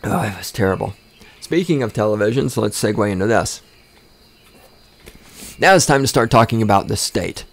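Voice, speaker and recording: A man's voice: on the low side, lively intonation, moderate pace, vocal fry, long pauses, slight background noise. Profane, sarcastic man ranting on a podcast. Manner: sarcastic, swears often, mocks with exaggerated voices; repeats words and restarts when worked up. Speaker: podcast host. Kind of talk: casual profane rant.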